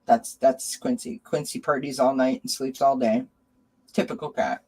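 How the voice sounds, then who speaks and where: A woman's voice: rumbling low, steady tone, moderate pace, a little mellow, husky. A woman hosting a casual live tarot stream from home, chatting affectionately with viewers by name. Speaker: tarot reader and channel host.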